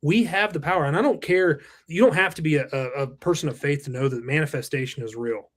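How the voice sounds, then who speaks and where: A man's voice: fairly high pitch, quick pace. A man in his thirties, a company president, talking earnestly and reflectively in a casual interview, with the odd curse word. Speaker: roofing company president, podcast guest.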